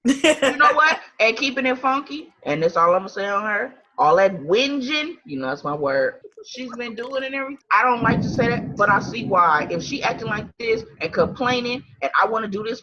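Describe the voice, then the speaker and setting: A woman's voice: medium pitch, animated, brisk, dull audio, noisy background. A woman co-hosting a casual recap chat, talking in sassy, colloquial banter and laughing often. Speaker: podcast co-host.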